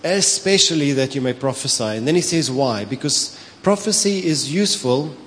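A pastor with a South African accent, preaching a sermon, telling stories with animation, slipping into Afrikaans and laughing often. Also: male voice, on the high side, animated, moderate pace, a bit bright, a little hiss or hum. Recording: long hall reverb with faint ambience.

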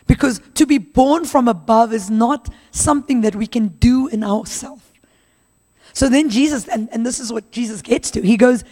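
A fairly high-voiced woman preaches in a casual, storytelling way, slipping into the voices of the people in the Bible passage. Her voice rings out with a long hall reverb around it. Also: normal speed, darkish tone. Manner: conversational, acts out Bible dialogue in voices. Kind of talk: sermon.

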